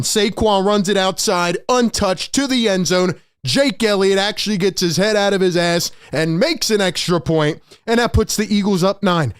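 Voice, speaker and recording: A high-pitched man delivers an animated postgame sports rant. He jumps into shouted bursts and acts out the players' voices. The recording is dry and close, with no room sound. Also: clear, resonant tone, no room sound. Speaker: sports show host.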